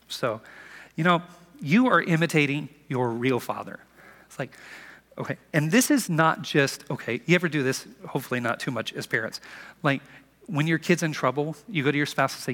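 A middle-aged man, a pastor giving a conversational sermon with playful, animated storytelling. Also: fairly high pitch, a little fast, in a large hall.

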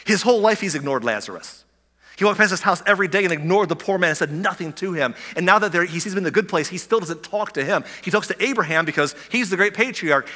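Preacher guy mid sermon, bright punchy voice, keeps restarting and asking the crowd questions, long echo off the church hall. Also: high-pitched, fast talker. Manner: excitable, restarts often, rhetorical questions. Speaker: pastor.

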